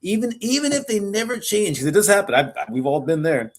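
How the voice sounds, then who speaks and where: A man's voice: sits high, very animated, fast talker. Earnest, stammering male podcast host. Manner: earnest, repetitive, often restarts. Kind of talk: casual conversation.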